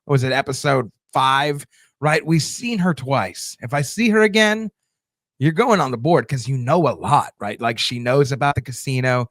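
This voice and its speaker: A man's voice: mid-range voice, normal speed, fairly bright tone, no echo, clean studio sound. A man hosting a TV show review channel, casually answering viewer comments with lots of fillers and restarts. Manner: loose, chatty, many fillers and restarts.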